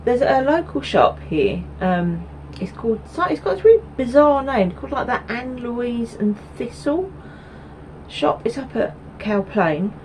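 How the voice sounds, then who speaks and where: A woman's voice: a little high, animated, a little slow, darkish tone, slight background noise, low-quality recording. Chatty woman rambling to camera. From Essex, England. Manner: rambling, chatty, with many ums and asides. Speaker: knitting podcast host. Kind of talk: casual chat to camera.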